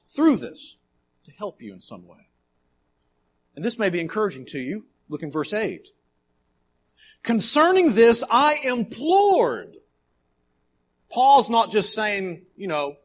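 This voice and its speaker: A pastor preaching from the pulpit, his high voice leaping up and down with great animation. He pushes hard on key phrases, then drops to a hush and stretches out the words. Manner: preaching with dramatic swings between loud emphasis and quiet, drawn-out phrases. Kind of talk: sermon. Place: church sanctuary.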